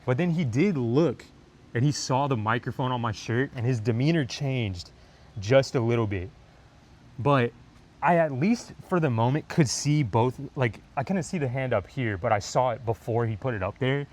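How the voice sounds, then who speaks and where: Animated young man telling a storytime. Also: mid-range voice, normal speed. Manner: animated retelling with frequent fillers. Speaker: vlogger. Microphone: lapel mic on shirt.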